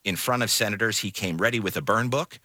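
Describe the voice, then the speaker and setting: Low, bright-voiced male radio host. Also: no echo, studio quality. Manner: earnest, questioning, some halting restarts. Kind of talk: studio news discussion. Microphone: studio microphone.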